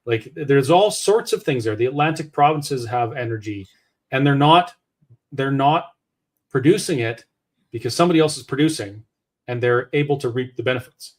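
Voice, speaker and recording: A man's voice: medium pitch, lively intonation, moderate pace. A Canadian man as a guest, speaking earnestly and with conviction, often restarting his sentences. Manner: earnest, opinionated, with hesitant restarts. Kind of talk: casual conversational commentary.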